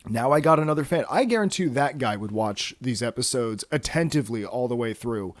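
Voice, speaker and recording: A man's voice: mid-range voice, expressive, a little fast, dry recording. A man hosting a solo casual podcast, rambling and cursing with self-mocking jokes, tired from too little sleep. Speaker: podcast host.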